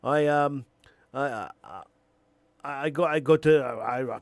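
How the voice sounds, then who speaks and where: A man's voice: mid-range voice, takes it slowly, no echo. A man hosting a call-in show, delivering an opinionated monologue with emphatic restarts and repeated words.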